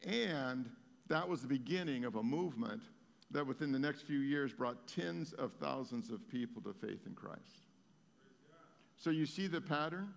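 A man's voice: medium pitch, animated, measured pace, gravelly. Male pastor preaching in a reverberant hall. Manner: storytelling, conversational with many fillers and restarts. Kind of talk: sermon.

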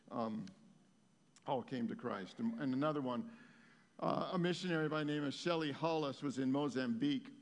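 Male pastor preaching in a reverberant hall. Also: mid-range voice. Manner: storytelling, conversational with many fillers and restarts. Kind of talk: sermon.

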